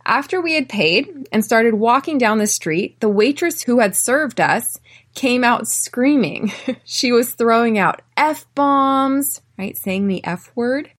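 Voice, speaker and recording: An American woman hosting an English-learning podcast, telling personal stories and drilling phrases slowly for listeners to repeat. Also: on the high side, expressive. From United States. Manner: clear, slow drilling in repeat-after-me phrases; chatty, often tags lines with "right?". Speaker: podcast host and English teacher. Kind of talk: podcast lesson.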